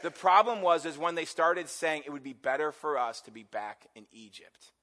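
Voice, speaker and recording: A man's voice: on the high side, lively intonation, normal speed, bright, forceful tone. A middle-aged man preaching a sermon, his voice sitting a little above the usual male range. He talks to his congregation in a loose, conversational way and often stops to ask them questions. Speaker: pastor.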